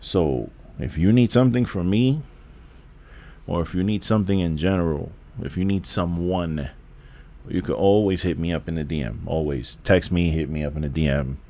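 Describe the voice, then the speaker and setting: A man's voice: deep voice, moderate pace, warm tone. A man, hosting a candid solo podcast from home in a laid-back, rambling, profane way with lots of restarts. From the Bronx, New York. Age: 40s. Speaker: podcast host.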